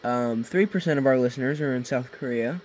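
A man's voice: mid-range voice, a little fast, a little mellow, a little hiss or hum, low-quality recording. A young man co-hosting a casual podcast late at night in a basement, rambling, tired and goofy, laughing at his own jokes. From United States. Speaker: podcast co-host. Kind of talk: casual chat. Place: home basement.

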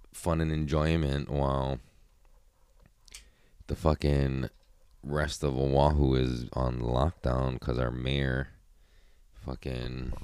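A man's voice: very deep voice, warm tone, smooth, dry recording. A man hosting a solo podcast, rambling casually with constant profanity. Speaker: podcast host.

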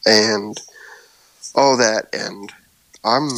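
A man in his thirties in a casual faith chat, speaking haltingly and openly about his worries, anxious. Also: lowish voice, fairly bright tone, dry recording, rough recording. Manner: halting, open about worry. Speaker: co-host.

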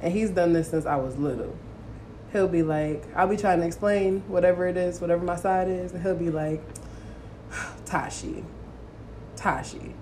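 A woman in casual group chat, telling stories in an animated, profane way. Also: lowish voice, fairly quick, slight background noise. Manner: animated storyteller, swears freely.

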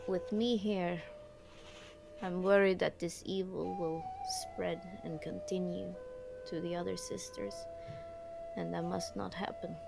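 Woman putting on a haunted, aloof ex-nun; halting broken English, low gravelly voice. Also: full character voice. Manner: broken English with a put-on accent; halting, hesitant, slow. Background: music.

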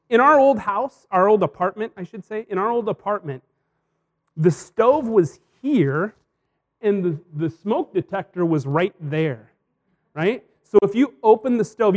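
A young adult man, a pastor, preaching a sermon in a casual, anecdotal way, often checking in with "right?". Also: high voice. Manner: conversational, anecdotal preaching with frequent "right?" asides.

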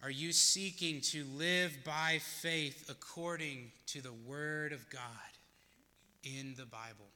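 A man's voice: fairly high pitch, steady tone, slow pace, bright, forceful tone, long reverb tail. A male pastor preaching a sermon, earnest and plain-spoken, often asking his listeners questions.

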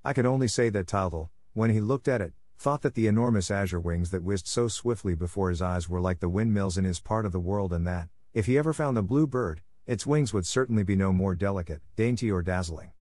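Low-voiced man reading a storybook. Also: brisk, hardly any pauses, darkish tone, no echo. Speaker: audiobook narrator. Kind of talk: storybook reading for English listening practice.

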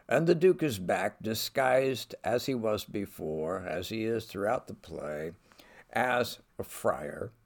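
A man giving a conversational literature lecture, wry in tone and reading quoted lines aloud. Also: fairly low pitch.

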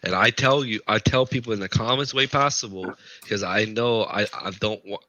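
This is dull lo-fi podcast audio of a man telling paranormal investigation stories in a casual, rambling way, often repeating himself. His voice is lowish and bright, with a forceful tone at normal speed.

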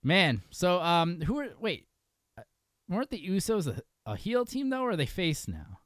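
A man's voice: high voice, huge pitch swings, normal speed, a bit bright, no room sound, clean studio sound. A man hosting a casual podcast chat, loose and profane, laughing often and restarting his sentences. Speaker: podcast host.

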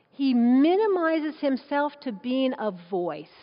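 A woman preaching a sermon in a fairly high voice, emphatic and conversational, throwing out rhetorical questions. The sound is dull and muffled, with a long echo from a big hall. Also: big pitch swings, unhurried, few pauses.

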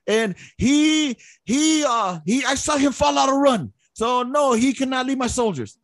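A man imitating a stern older male sergeant major with a Vietnamese accent, halting with many "uh" pauses and curt refusals. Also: extremely high pitch, expressive, a bit bright, no echo, pitched above the performer's own voice, exaggerated voice. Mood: dismissive. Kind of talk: impression within a spoken story.

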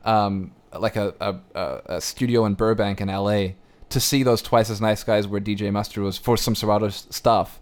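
A man's voice: fairly low pitch, fairly even intonation, moderate pace, hardly any pauses. A New Zealand man hosting a podcast, chatting and telling stories in an easygoing way with fillers. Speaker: podcast host. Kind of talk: casual podcast chat.

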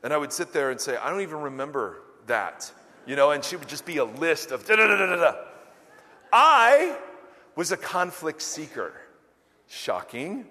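A man's voice: fairly high pitch, normal speed. A middle-aged male pastor preaching a sermon, telling self-deprecating stories and acting out quotes. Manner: animated, self-deprecating storytelling with acted quotes. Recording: long hall reverb.

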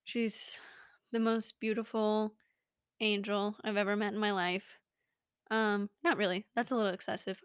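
Recorded close in a small home studio with no echo, a young woman hosting a podcast rambles through casual chat in a self-mocking way. Her voice sits at medium pitch.

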